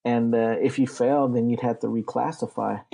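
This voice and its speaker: A man's voice: mid-range voice, steady tone, moderate pace, gravelly, mellow, slightly rough, poor audio. A man from Texas, a Navy veteran being interviewed, telling rambling stories full of fillers and swearing. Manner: rambling, profane, lots of fillers. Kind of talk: casual storytelling.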